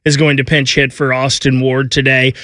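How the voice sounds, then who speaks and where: A man's voice: mid-range voice, little pitch movement, moderate pace, sharp tone, no echo, studio quality. A man hosting a sports radio show, teasing his co-hosts and running down the lineup. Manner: teasing, needling. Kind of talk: casual radio banter and show rundown. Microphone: studio microphone.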